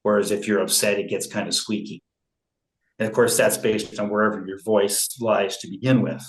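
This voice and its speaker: Low-voiced man, slow and measured. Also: fairly even intonation, echoey room, poor audio. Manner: slow, measured, with many fillers and restarts. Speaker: guest speaker on conflict resolution. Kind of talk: relaxed interview talk.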